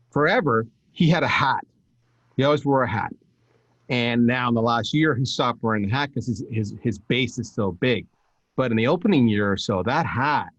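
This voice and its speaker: A man, a podcast guest, giving emphatic, animated marketing advice in casual talk. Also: medium pitch, no room sound, dull audio. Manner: energetic, emphatic, animated storytelling with restarts.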